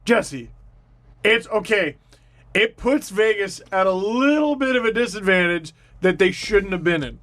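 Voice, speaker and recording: A young man hosting a sports podcast with a high voice that leaps all over the place. He argues hard and mocks rival fans in shouted voices. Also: lively intonation, unhurried. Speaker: podcast host. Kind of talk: heated sports podcast banter.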